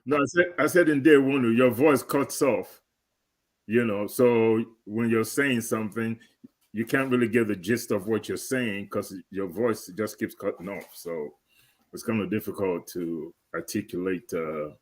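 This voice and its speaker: A man co-hosting a live stream, chatting in a relaxed, plain-spoken way over a video call. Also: lowish voice, unhurried. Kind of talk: casual chat.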